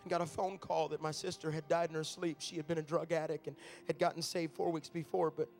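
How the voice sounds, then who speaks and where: A man preaching a sermon to a church crowd, telling stories and building up to shouted, fervent climaxes. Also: a little high, little pitch movement, fast, gravelly, faint music behind. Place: church auditorium.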